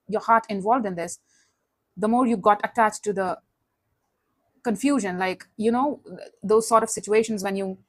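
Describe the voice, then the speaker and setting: A woman's voice: medium pitch, no room sound. A woman doing a tarot reading to camera, talking in a conversational way that keeps calling the listener honey and asking "right?" or "okay?". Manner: conversational, calls listener honey, asks tag questions. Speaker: tarot reader.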